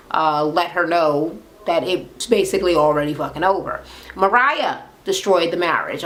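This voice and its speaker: A woman hosting a profane, casual reality TV recap, acting out what the cast said with big jumps in her voice. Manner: animated, acts out quotes with pitch jumps and laughs.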